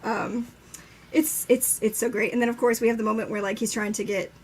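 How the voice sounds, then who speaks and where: A young woman co-hosting a casual live-stream book chat, enthusiastic and quick to swear, acting out quotes with laughter. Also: on the high side, flat delivery, darkish tone, slight background noise. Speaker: book discussion co-host.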